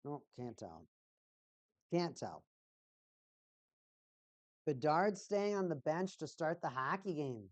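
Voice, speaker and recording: Playful woman streamer, low voice, dry sound. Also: sing-song, slow, long pauses, a little mellow, no room sound. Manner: playful, rambling, repeats phrases in a sing-song way. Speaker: streamer hosting a hockey watch party. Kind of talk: casual livestream chat with play-by-play.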